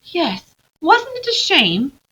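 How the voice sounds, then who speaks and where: A woman reading aloud and voicing a young girl, eager and emotional, pleading in a high, excited voice. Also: slow, heavily acted, low-quality recording.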